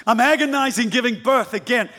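Male preacher, high voice, animated sermon, long hall reverb. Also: brisk. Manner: animated, repeating phrases, rising to shouts.

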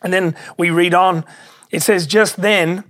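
A pastor preaching a sermon, emphatic and excitable, repeating key phrases for weight. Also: mid-range voice, unhurried.

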